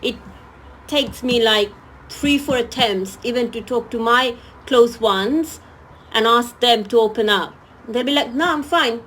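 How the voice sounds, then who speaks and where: A woman's voice: on the high side, measured pace, fairly bright tone, slight background noise. A woman hosting a live-stream talk, speaking earnestly and pleading with her viewers, often repeating herself. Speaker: host.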